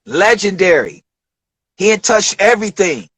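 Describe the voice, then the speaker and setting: A husky, high male voice at normal speed, recorded roughly and with no room sound, belongs to a rapper from Detroit. Appearing in a casual interview, he animatedly tells studio stories, mimicking the people he quotes and dropping profane slang freely.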